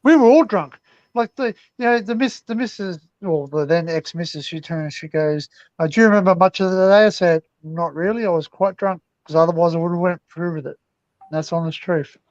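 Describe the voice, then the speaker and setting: A high-voiced man chatting casually and jokily with friends. His audio comes through dull and muffled over the stream, and the sound is dry and close. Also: a little fast, a little mellow, no room sound. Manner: jokey, rambling. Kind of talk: casual chat.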